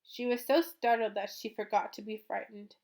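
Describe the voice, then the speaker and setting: A woman reading a children's novel aloud for a lesson, telling the story steadily and at an even pace. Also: mid-range voice, moderate pace. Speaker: storybook reader.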